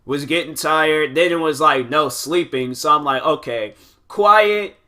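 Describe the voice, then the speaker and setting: Young man, podcast host, casual rambling chat, bright voice, slightly high pitch. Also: unhurried. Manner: rambling, animated, lots of fillers and restarts. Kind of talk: casual chat answering questions.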